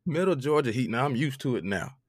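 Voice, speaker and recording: A young man, telling an animated, profane story in casual chat. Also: medium pitch, a little fast, no room sound, clean studio sound.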